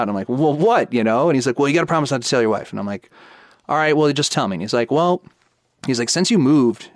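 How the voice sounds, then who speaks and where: A man in his thirties casually recounts a personal ghost story, acting out both sides of the dialogue. His medium-pitched voice is expressive and quick, with no echo and music playing in the background.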